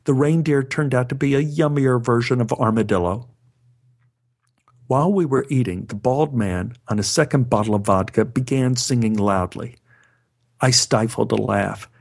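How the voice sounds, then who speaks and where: A male storyteller with a middle-pitched voice, narrating a scripted personal tale. His delivery is wry and dry, landing jokes with a straight face. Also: moderate pace, creaky. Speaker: storyteller, actor.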